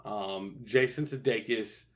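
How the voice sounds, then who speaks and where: A man's voice: lowish voice, slow. A young man in casual podcast chat, laid-back and swearing often, with lots of fillers and restarts. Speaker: podcast co-host.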